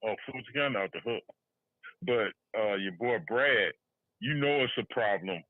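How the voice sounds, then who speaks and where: A man's voice: fairly low pitch, no echo. Man talking politics over a tinny line. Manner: loose, laughing, halting restarts. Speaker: podcast co-host. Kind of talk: casual political chat. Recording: tinny phone-line audio.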